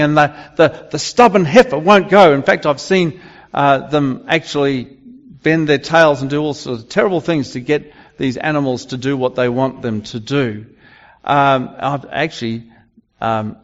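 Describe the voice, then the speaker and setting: A man's voice: a little high, big-room sound, highs cut off. An older man preaching a sermon in a loose, conversational way, full of fillers and restarts.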